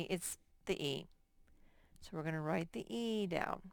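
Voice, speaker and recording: Recorded in a clean studio with no echo, a woman with a lowish, creaky voice teaches first graders a phonics lesson. She goes slowly and patiently, drawing things out and spelling them word by word.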